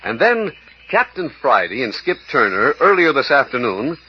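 Husky man narrating an old radio drama. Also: mid-range voice, sing-song, moderate pace. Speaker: narrator and announcer. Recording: dull old radio broadcast.

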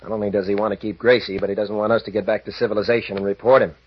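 Calm pilot captain, commanding, husky, dry sound, dull old radio. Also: male voice, lowish voice, very fast, no room sound. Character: male adventurer pilot captain, calm and decisive. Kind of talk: 1940s radio acting.

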